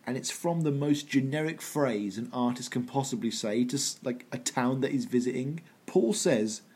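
Man, podcast co-host, husky voice, animated, swears a lot, casual banter. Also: medium pitch. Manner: animated, swearing, laughing at his own jokes.

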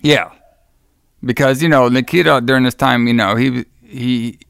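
A man co-hosting a podcast, recapping a wrestling show in a rambling, excitable way with lots of fillers. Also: mid-range voice, moderate pace, gravelly, smooth, dry recording. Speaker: podcast co-host.

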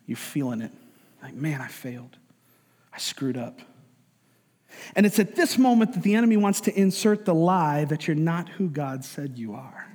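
A male pastor delivers a sermon in a relaxed, conversational way, throwing in jokes and acting out little voices. His voice sits a bit high, and a long reverb from a large hall trails his words. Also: breathy edge. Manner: conversational and joking, acts out voices.

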